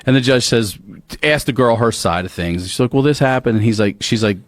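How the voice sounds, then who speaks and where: A man from Baltimore, a podcast guest telling a story in a profane, lively way. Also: medium pitch, a little fast, no room sound. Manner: profane, animated storytelling with restarts. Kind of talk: casual storytelling.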